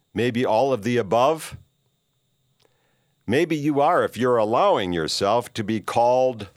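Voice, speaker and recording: Heard in clean studio sound with no room echo, an older podcast host speaks at medium pitch. His monologue wanders and is full of opinions, "uh" fillers, and emphatic rhetorical questions.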